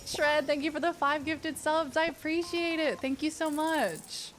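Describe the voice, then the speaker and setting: A woman's voice: sits high, a little slow, over music. A woman streamer chatting casually and thanking viewers in a bubbly, talkative way. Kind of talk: casual live-stream chat.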